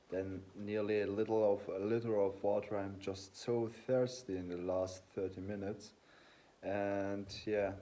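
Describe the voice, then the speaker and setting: A man in his twenties, a fitness vlogger chatting casually to camera, rambling and halting and often correcting himself mid-sentence. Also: lowish voice, dark tone. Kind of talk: casual vlog chat to camera.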